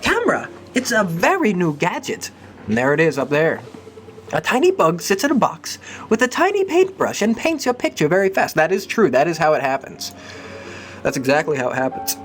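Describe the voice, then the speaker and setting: A man voicing an excitable young noblewoman cat in a high, squeaky voice for a game. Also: moderate pace, soft background music. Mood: gushing.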